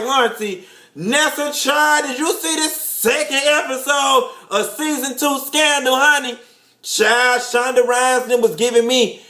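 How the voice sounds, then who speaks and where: A man's voice: very high voice, fairly even intonation, measured pace, sharp tone. A man with a flamboyant, sassy manner, recapping a TV episode as a gossip host and calling everyone "honey" and "child.". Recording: echoey room.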